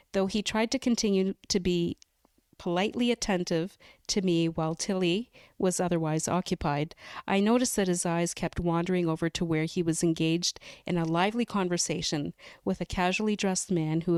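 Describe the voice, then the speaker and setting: Smooth-voiced woman reading a novel. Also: on the low side, darkish tone, no echo, studio quality. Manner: careful, measured reading with light laughs. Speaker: podcast guest.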